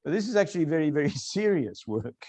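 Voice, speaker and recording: A man giving a recorded lecture, explaining slowly and repeating key phrases for emphasis. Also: a little high, big pitch swings, darkish tone.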